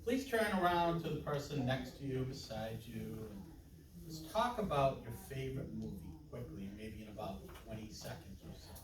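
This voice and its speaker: A man's voice: mid-range voice, animated, moderate pace, noisy background. A man in his sixties giving an interactive conference presentation, chatting and joking with the audience. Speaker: conference speaker. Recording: roomy hall from a distance with audience murmur.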